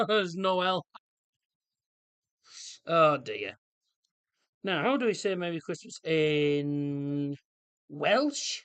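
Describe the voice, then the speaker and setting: Bright chatty man, streaming. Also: on the high side, lively intonation, measured pace, long pauses, clear, resonant tone. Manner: chatty, rambling, jokey, reacts loudly to play. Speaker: livestream host. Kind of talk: casual match watchalong chat.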